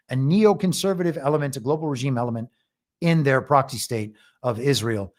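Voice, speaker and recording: A man hosting a political commentary podcast, reading out news items and remarking on them in a measured way. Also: medium pitch. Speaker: podcast host and moderator.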